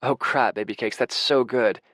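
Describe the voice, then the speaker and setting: A man's voice: mid-range voice, normal speed, fairly bright tone, no room sound, clean studio sound, lightly acted. A man reading an audiobook, voicing a playful, bold young woman who teases her friend. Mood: awed. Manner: teasing, brassy.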